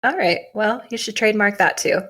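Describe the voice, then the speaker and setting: A woman's voice: medium pitch, fairly quick, background noise. A young woman co-hosting a podcast in casual chat, joking and teasing herself and laughing often. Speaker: podcast co-host.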